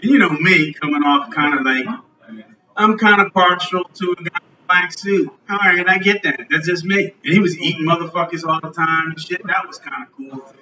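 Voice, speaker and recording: A man hosting a live podcast on a club stage, joking loudly and swearing a lot. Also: a little high, normal speed, slight background noise. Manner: loud, profane, joking. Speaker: podcast host. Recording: roomy lo-fi live venue recording from a distance.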